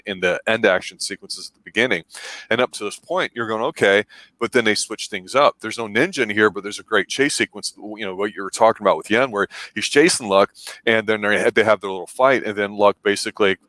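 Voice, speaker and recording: A man with a lowish voice talks casually and with enthusiasm as co-host of a film review show. The sound is dry and close, with little room around it. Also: fairly quick, pushed and bright, no room sound. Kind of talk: casual chat.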